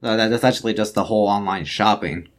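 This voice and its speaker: A young man co-hosting a podcast, talking in a relaxed, halting way with many fillers. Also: fairly low pitch. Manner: relaxed, halting, hesitant filler-heavy talk. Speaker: podcast co-host. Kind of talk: casual chat.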